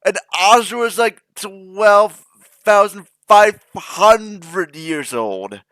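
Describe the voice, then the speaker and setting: A man's voice: high voice, animated, slow, a bit bright, clean tone, no echo. A man hosting a reaction video, chatting casually with jokes and rambling asides. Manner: rambling, joking, trails into mock-emotional mumbling.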